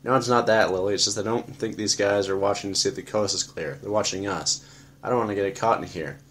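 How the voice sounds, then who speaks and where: A man's voice: on the low side, quick pace, a bit bright, slight background noise, close to an everyday voice. A man reading a crude, bullying young man who swaggers and then turns nervous, in a blunt voice. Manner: coarse and blunt.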